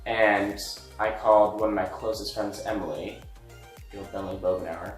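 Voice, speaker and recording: A man's voice: lowish voice, steady tone, normal speed. A young man telling a personal story in a casual chat, rambling and full of "like". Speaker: co-host. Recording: echoey room with faint music.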